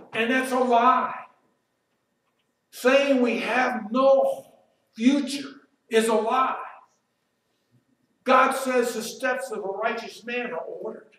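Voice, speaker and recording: A high-voiced man preaches a slow, deliberate sermon, swinging from loud emphatic quoting to hushed reflection. He is heard from a distance in a very echoey church room. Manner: emphatic, rises loud when quoting Job, drops quiet and slow to reflect. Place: church sanctuary.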